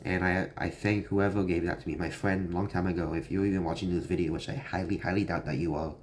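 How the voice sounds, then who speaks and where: A man's voice: low voice, steady tone, fast, a little hiss or hum. A young man telling a story from his childhood in a casual, rambling way, full of fillers. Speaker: vlogger.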